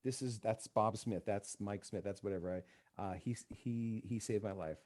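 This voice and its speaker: A man's voice: on the low side, moderate pace, a little mellow. A man, a counselor, telling stories in a casual radio talk and acting out the dialogue. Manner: storytelling, acts out quoted dialogue. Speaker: counselor guest. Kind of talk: casual podcast conversation.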